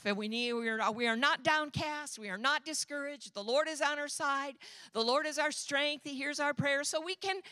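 A woman's voice: on the high side, sharp tone, no room sound, clean studio sound. A woman co-pastor giving church announcements in a conversational manner, with frequent fillers.

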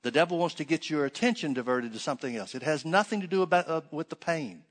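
A man preaching a sermon, reading scripture aloud and then explaining it with rhetorical questions, swinging between loud emphatic stresses and hushed asides. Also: fairly high pitch, animated, quick pace.

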